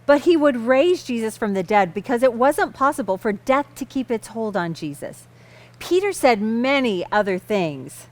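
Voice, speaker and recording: Lively, high-voiced woman telling a kids' Bible story. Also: moderate pace. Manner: patient, gently amused, keeps the story on track. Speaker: kids' lesson host and storyteller. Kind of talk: reading a Bible story to children.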